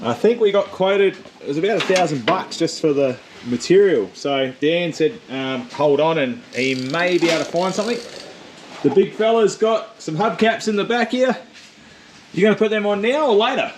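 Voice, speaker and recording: A joking, teasing Australian man chats casually as he works on a car in his home shed. His voice sits a touch high, and a faint hiss of noise runs beneath it. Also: moderate pace. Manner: jokey, teasing, chatty. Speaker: channel host. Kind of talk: casual chat while working on a car.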